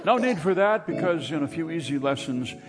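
A man playing an eager pitchman in a mock radio commercial, with brisk sales patter. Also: expressive, loud music behind the voice, lightly acted. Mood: selling.

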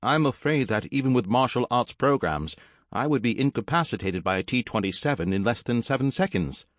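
A man's voice: medium pitch, animated, fairly quick, dry recording, studio quality, pitched above the performer's own voice, close to an everyday voice. A man voicing a glitchy male robot servant who stammers and speaks in a stiff, formal way. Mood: prim.

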